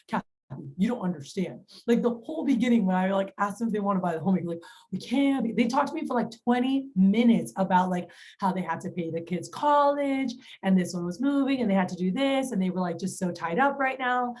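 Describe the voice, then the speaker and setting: A woman's voice: on the high side, animated, quick pace, few pauses, darkish tone, rough recording. A woman giving a sales training talk in a chatty storytelling manner, retelling phone calls with quoted lines. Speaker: sales manager.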